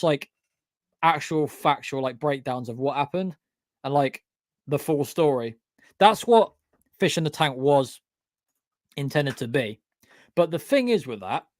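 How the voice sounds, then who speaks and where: A man's voice: medium pitch, dry recording, studio quality. Rambling, swearing young man on a livestream. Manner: rambling, swears a lot, keeps saying "what do you call it". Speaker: YouTube channel creator. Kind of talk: casual livestream chat.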